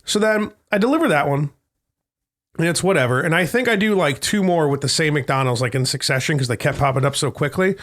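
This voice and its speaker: High-voiced man ranting through a story. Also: expressive, fairly quick, fairly bright tone. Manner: profane rambling storyteller, mimics others in a higher voice. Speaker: podcast co-host. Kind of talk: casual chat.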